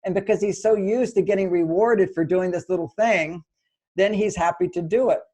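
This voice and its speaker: Older male advice author, mellow and slightly high-pitched, patient teaching manner. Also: moderate pace, poor audio. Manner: gentle, explanatory, acts out little dialogues. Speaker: relationship author and guest. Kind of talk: conversational advice interview.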